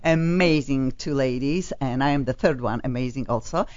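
A woman's voice: a bass voice, moderate pace, a little mellow. A woman hosting a radio talk show, speaking effusive, exclamatory English from a studio. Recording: dull lo-fi radio sound.

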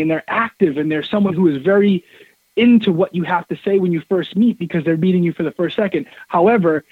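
Heard over a dry phone connection with no room sound, a guest on an interview show, a man in his thirties, chats casually and tells vivid stories. His voice is a little high and husky, and he speaks emphatically, often repeating words.

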